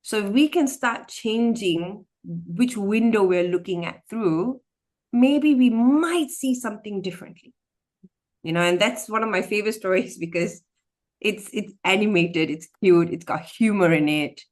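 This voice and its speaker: A woman's voice: mid-range voice, unhurried. A woman from Singapore, a storyteller speaking animatedly as a podcast guest. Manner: animated, expressive, slips into acted voices. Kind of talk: casual interview conversation.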